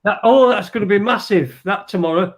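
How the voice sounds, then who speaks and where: A man hosting a loose late-night chat show, his voice sitting a touch high. He banters, laughs easily and swears without a second thought. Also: brisk. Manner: banter-heavy, swears freely, laughs often. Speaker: podcast host. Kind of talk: casual chat.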